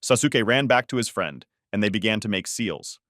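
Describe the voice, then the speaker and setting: A man with a low voice narrates a fan story flatly and evenly at normal speed. The recording is dry, with no room around his voice.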